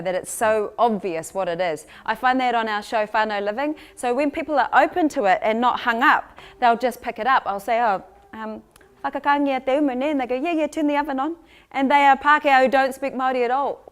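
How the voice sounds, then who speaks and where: A woman with a New Zealand accent talks casually to a live audience and slips Māori phrases into her English. Her voice sits a little high, and her manner is teasing and easygoing. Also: fairly quick, hardly any pauses, smooth. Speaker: co-presenter of a language workshop.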